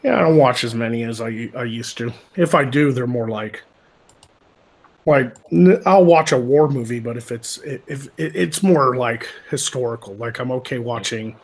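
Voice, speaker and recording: A man's voice: medium pitch, normal speed. A man chatting casually on a podcast, rambling with lots of swearing and restarts. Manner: rambling, profane, many restarts. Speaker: podcast co-host, military veteran. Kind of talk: casual chat.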